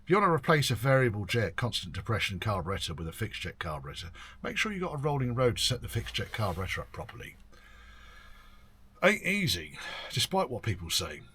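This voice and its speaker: Chatting to camera at year's end, an older man who hosts a channel and runs a classic car workshop rambles about his work. His lowish voice is very animated and fairly quick, pushed and bright with a breathy edge, and he says um often and swears mildly.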